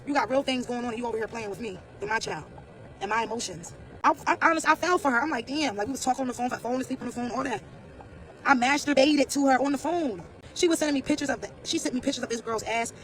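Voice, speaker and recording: A man's voice: extremely high pitch, quick pace, fairly bright tone, low-quality recording. A man telling a casual storytime rant to his viewers, blunt, profane and slangy, repeating phrases as he talks. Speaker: vlogger.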